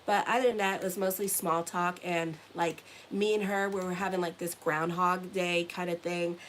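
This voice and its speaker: A woman's voice: lowish voice, level tone, normal speed, a bit bright, a little hiss or hum, low-quality recording. A woman giving a casual tarot reading to her viewers, rambling and chatty, often ending lines with "okay?". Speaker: tarot reader and astrologer.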